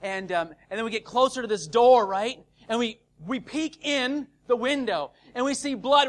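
A man preaching a sermon in a casual, energetic way, talking straight to his listeners and sometimes acting out scenes with shouts. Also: very high-pitched, moderate pace.

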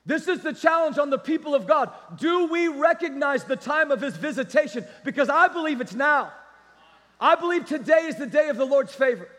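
A man preaching a sermon as pastor, energetic and calling out to the congregation. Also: extremely high pitch, brisk, big-room sound.

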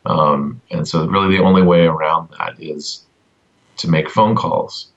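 Very deep-voiced man, halting delivery. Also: fairly even intonation, fairly bright tone, highs cut off. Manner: halting, many ums and restarts, dry humor. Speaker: advocacy update presenter. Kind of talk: casual podcast chat.

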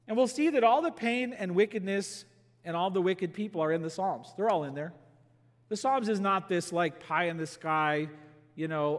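A man with a high voice preaches a sermon in a church sanctuary. He teaches through the text, rising into emphatic bursts and slowing to stress key words. His voice carries a long echo through the hall. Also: fairly bright tone. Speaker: pastor.

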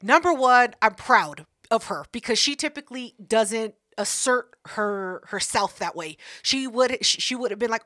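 A woman co-hosting a casual podcast, blunt and profane in quick banter. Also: fairly high pitch, expressive, fairly bright tone, no echo, clean studio sound. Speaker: podcast co-host.

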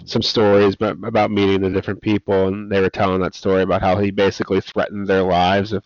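Male co-host, low voice, easygoing storyteller; lo-fi dry recording. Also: fast, no room sound. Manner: relaxed storytelling, laughs often. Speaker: podcast co-host. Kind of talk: casual wrestling chat. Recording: dry, dull lo-fi sound.

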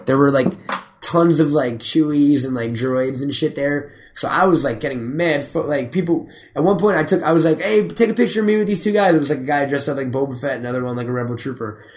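A man's voice: mid-range voice, a little fast. A young man in casual chat, telling loose, profane stories and acting out quoted lines.

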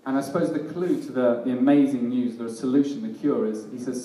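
Man giving a sermon, casual and self-deprecating, warm dark voice, roomy hall, mic set back. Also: medium pitch, a little fast. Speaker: preacher. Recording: echoey hall, mic at a distance.

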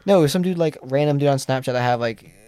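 A man's voice: mid-range voice, quick pace, mellow. A young man in casual podcast chat, rambling, swearing a lot and laughing often. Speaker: podcast guest.

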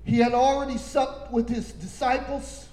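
A man preaching an impassioned sermon, reading scripture slowly and building to shouts. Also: extremely high pitch, level tone, echoey room.

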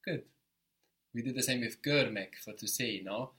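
A man's voice: mid-range voice, normal speed, pushed and bright. A man teaching a spoken language lesson, patiently explaining step by step and encouraging his student.

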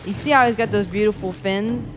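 A woman chatting casually as a podcast co-host, animated and self-deprecating. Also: medium pitch, fairly quick, faint music behind. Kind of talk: casual chat.

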